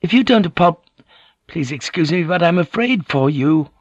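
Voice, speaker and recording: A frightened teenage boy who stumbles over his words and pleads in a high, strained voice, as a male audiobook reader puts him on. His voice sits well above the reader's own. The sound is dry and slightly dull. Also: expressive, normal speed, dry recording. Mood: anxious. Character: anxious teenage boy, heir's youth, trembling.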